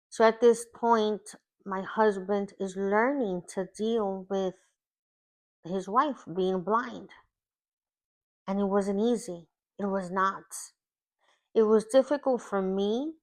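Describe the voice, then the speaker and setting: A woman speaks at an unhurried pace, sharing a personal testimony with earnest emotion. She leans on repetition to stress the hardest moments. Her voice sits at a middle pitch. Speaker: life coach.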